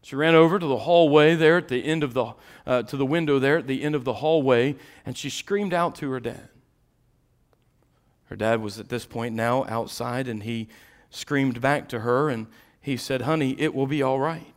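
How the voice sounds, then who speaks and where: A middle-aged man preaching a sermon, swinging between quiet, intimate asides and loud, impassioned peaks. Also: mid-range voice, normal speed.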